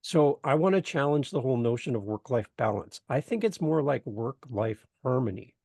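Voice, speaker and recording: A man's voice: mid-range voice, normal speed, gravelly, dry recording, studio quality. A man from Canada, a guest on a podcast, chatting casually and telling stories with jokes. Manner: joking, animated storyteller. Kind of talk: casual interview chat.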